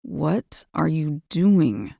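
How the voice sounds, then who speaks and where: A woman's voice: deep voice, big pitch swings, extremely slow, vocal fry, dark tone, slightly rough, no room sound, clean studio sound, voice pushed down, exaggerated voice. A woman voicing a stern, brooding young man who growls his words through his teeth in an audiobook. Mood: tense. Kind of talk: audiobook character voice.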